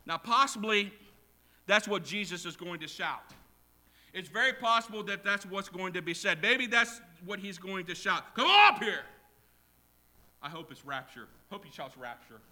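Bright-voiced preacher, booming then hushed. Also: male voice, moderate pace. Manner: swings from quiet asides to loud shouted quotes. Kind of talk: sermon. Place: church with congregation.

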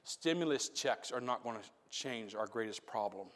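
A man preaching a sermon in a church, swinging from hushed questions to loud shouted appeals. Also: medium pitch, lively intonation, moderate pace, in a large hall. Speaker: pastor. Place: church sanctuary.

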